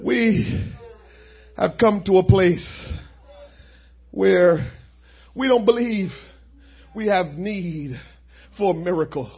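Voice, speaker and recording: A male preacher with a strikingly high voice delivers a sermon in short, chanted phrases. Each phrase is marked with a rhythmic "uh", and he climbs into shouted, crying peaks. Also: takes it slowly, pauses often, slightly rough, highs cut off. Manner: impassioned, punctuating phrases with a rhythmic "uh"; rising into shouted, crying climaxes.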